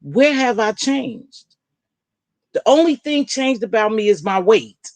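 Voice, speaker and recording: A woman's voice: fairly high pitch, very animated, takes it slowly, no echo. A woman host talking casually to her viewers, emphatic and direct, repeating her points for stress. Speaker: video host answering viewer comments. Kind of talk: casual livestream talk.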